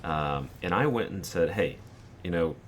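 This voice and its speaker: A man's voice: sits low, lively intonation, a little slow, slight background noise. A man in his forties hosting a gaming channel, telling a rambling personal anecdote over gameplay and acting out the quotes.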